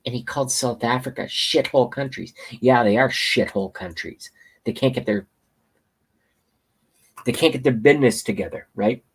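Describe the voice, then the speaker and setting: A man's voice: mid-range voice, normal speed, breathy edge. A man delivering a profane, rambling political rant, repeating himself for emphasis. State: hiccups. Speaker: political commentator. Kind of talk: ranting political monologue. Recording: outdoors, passing train nearby.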